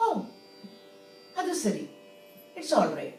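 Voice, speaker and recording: A woman storyteller voicing a gentle wife who speaks softly and apologetically. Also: medium pitch, sing-song, a little slow, reverberant, far from the mic, faint music behind. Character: gentle frightened young wife.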